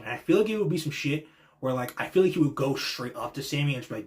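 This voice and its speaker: A man hosting a wrestling reaction show, talking in an excitable, slangy way that swings between hushed and loud. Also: mid-range voice, fast. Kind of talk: casual reaction commentary.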